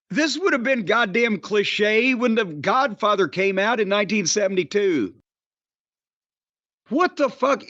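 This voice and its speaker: A man's voice: high-pitched, a bit bright, no echo, muffled recording. A man co-hosting a wrestling podcast, ranting bluntly and profanely in exasperated complaint. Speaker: wrestling commentator.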